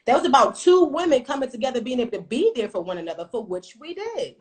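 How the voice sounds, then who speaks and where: A woman in her thirties telling a personal story on a casual livestream, blunt and profane, with animated storytelling. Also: high-pitched, quick pace, rough recording. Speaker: livestream host.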